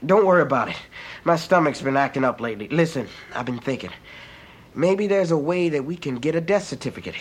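An actor playing a restless young street hustler who talks slangy and urgent, in a drama scene. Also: male voice, a little high, expressive, fairly quick, husky. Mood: scheming. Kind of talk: stage-drama acting.

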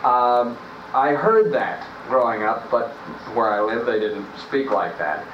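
Man from new jersey, relaxed and hesitant, dull muffled far-off sound, echoey room. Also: medium pitch, unhurried, a little hiss or hum. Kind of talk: interview and instruction. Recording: distant, roomy, dull lo-fi mic.

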